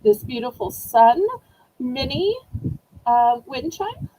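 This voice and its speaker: Southern-accented woman, live-stream auction host, high and very animated, bubbly and chatty with viewers. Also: takes it slowly, poor audio. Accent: Southern American. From Southern United States. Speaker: online auction seller.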